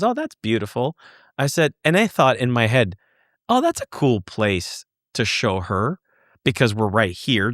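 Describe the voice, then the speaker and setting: A man as a podcast guest, telling a long personal anecdote in a casual, animated way and acting out the dialogue. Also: mid-range voice, dry recording, clean studio sound. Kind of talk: casual storytelling.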